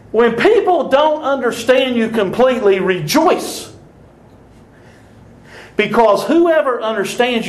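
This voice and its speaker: An older man preaches with an animated, storytelling delivery, laughing often as he acts out the people in his stories. His voice sits high for a man. The sound carries a clear echo from the room. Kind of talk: sermon with storytelling.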